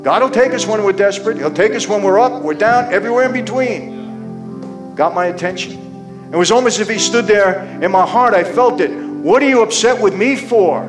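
High-voiced man testifying on stage. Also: over music. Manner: addresses the audience directly as "people", with dramatic pauses. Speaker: speaker giving a faith testimony. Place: stage before an audience.

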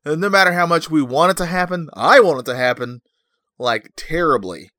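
A man's voice: on the high side, fast, bright, forceful tone, dry recording, studio quality. A man hosting a podcast in a casual, rambling chat, goofy and self-mocking, just awake. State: just woken up. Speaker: podcast host.

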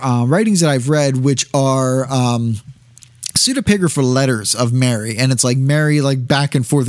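A man's voice: medium pitch, clear, resonant tone, dry recording, clean studio sound. A man teaching, reading a text aloud and commenting in a hesitant way, with many fillers and restarts.

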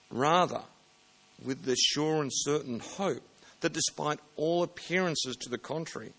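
A man's voice: mid-range voice, fairly bright tone. A man preaching a sermon in a plain, conversational way, sometimes stopping to correct himself. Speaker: pastor.

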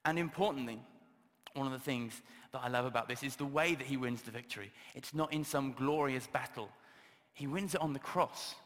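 A man preaching in an easygoing, joking way, his voice at a middle pitch. He talks like he is chatting, full of ums and asides that poke fun at himself. The sound carries a long reverb from a church hall. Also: fairly quick, a bit bright. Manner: chatty and self-deprecating, with filler words. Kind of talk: casual, humorous sermon.

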